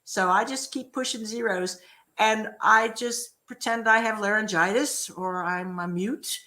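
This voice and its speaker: A woman on a casual podcast speaking with firm conviction. Her voice is bright and clear, sitting at an ordinary pitch for a woman. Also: unhurried. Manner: firm and emphatic. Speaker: podcast co-host.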